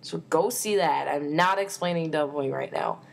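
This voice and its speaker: A young woman vlogging a fan opinion rant, excitable and exasperated, with lots of fillers. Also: low-pitched, normal speed, gravelly.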